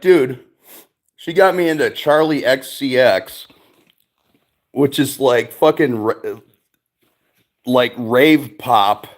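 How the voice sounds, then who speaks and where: Middle-aged dude streaming, swears a lot, rambles, lots of likes, mid pitch. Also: male voice. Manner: profane, rambling storytelling with many fillers. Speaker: streamer host. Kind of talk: casual livestream chat.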